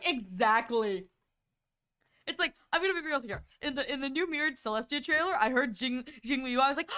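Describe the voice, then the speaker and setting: A woman's voice: high-pitched, lively intonation, brisk, bright, forceful tone. A woman streamer chatting casually with her viewers, giggling often and acting out quoted voices.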